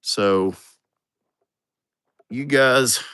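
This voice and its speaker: A man livestreams from a building site outdoors, holding his phone in his hand. His medium-pitched voice is a bit bright and smooth, he draws out his words, and the recording is dry, as he tells joking, blunt, profane stories in casual chat.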